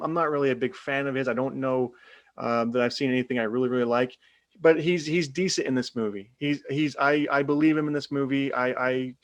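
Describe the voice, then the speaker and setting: A man's voice: medium pitch, dry recording. A man co-hosting a laid-back movie podcast. He speaks casually and hesitantly, with plenty of fillers. His voice is recorded dry and close, with no room sound at all. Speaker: podcast co-host. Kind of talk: casual film discussion.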